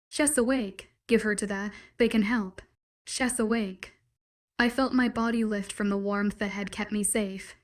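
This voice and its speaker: Woman narrating a dramatic story. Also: medium pitch. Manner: measured, dramatic inner monologue. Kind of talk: first-person story narration.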